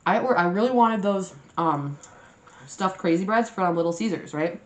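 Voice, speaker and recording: Chatty young woman with a low voice. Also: moderate pace. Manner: chatty and animated, swears freely, laughs often. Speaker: mukbang vlogger. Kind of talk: casual storytime chat to camera. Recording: roomy echoey room.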